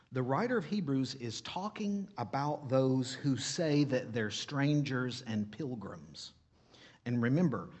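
Animated male preacher with lively pitch. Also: breathy edge. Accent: non-native English. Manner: animated, asks the congregation questions and answers them. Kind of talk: sermon.

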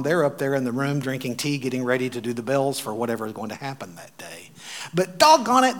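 An American man telling travel stories in a sermon, animated and wry, with dry asides. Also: fairly high pitch. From United States. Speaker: preacher. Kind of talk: sermon storytelling.

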